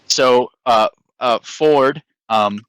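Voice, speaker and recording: A man's voice: mid-range voice, very slow, a bit bright, clear, resonant tone, dry recording, rough recording. A young man narrating a tabletop game as game master, loose and full of fillers and sound effects.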